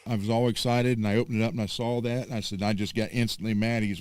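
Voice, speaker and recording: A man appearing as a guest on a livestream, telling anecdotes in a halting way with many restarts. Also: lowish voice, level tone, a little mellow, smooth, no room sound. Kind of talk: casual storytelling chat.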